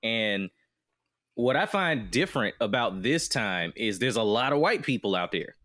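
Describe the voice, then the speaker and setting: A man co-hosting a comedy podcast, talking in a relaxed, reflective way in casual chat. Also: medium pitch, moderate pace, no echo, clean studio sound. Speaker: podcast co-host.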